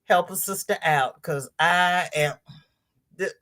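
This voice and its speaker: A woman in her sixties hosting a casual crochet livestream, chatting warmly with viewers and greeting them by name as she reads the chat. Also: lowish voice, slow. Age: 60s.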